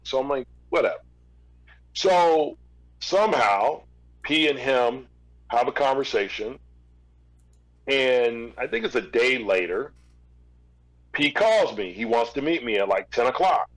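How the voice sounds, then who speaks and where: A man's voice: medium pitch, animated, unhurried, pauses often, no echo, rough recording. Middle-aged man telling a story, dry sound. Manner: recounts events through quoted back-and-forth dialogue; frequent restarts and repeated words. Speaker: podcast guest, former record label executive. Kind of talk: storytelling in a casual interview.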